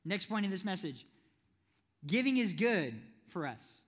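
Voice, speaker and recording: A man with a notably high voice delivers a youth sermon in a church hall. He keeps it playful, pulling the audience in with questions. A long reverb trails off every phrase. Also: big pitch swings, unhurried. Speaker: youth preacher.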